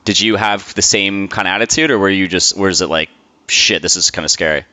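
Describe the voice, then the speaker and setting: A man's voice: low-pitched, fairly quick, sharp tone, a little hiss or hum. A man hosting a casual music podcast, asking chatty questions and swearing freely as he reacts. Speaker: podcast host. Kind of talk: casual conversational interview.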